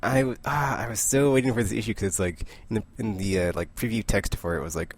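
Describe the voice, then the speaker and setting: A young man chatting casually about the comics he picked up this week, rambling with asides and short laughs and acting out the characters in quick voices. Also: on the low side. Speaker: comic book vlogger. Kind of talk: casual comic book review.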